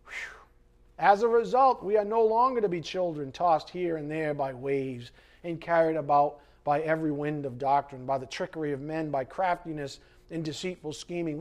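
At a fairly high pitch and normal speed, a pastor preaches an impassioned sermon that swings from quiet to loud, throwing in sarcastic asides to the congregation.

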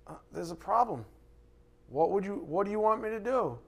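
A male preacher with a slightly higher voice delivers a sermon. He jumps from forceful, raised lines to low, quiet asides, and keeps throwing rhetorical questions at his congregation. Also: moderate pace, gravelly. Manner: animated, swings from loud emphatic bursts to quiet asides. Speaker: pastor.

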